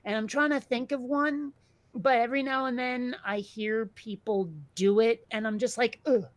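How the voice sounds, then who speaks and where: A woman co-hosting a casual talk show, blunt and animated, swearing freely. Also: a little high, normal speed, dry recording. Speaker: podcast co-host. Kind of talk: casual chat.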